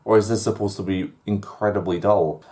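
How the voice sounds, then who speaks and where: Low-voiced man rambling through a book review. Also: steady tone, a little fast, darkish tone. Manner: rambling, hesitant, with many fillers and restarts; wry, amused. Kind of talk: casual video review.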